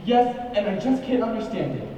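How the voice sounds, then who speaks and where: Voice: mid-range voice, animated, a little fast, dark tone, slight background noise, natural voice. A young actor playing an earnest, lovesick groom who pleads with his bride. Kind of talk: stage musical acting. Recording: dull, echoey stage hall from far off.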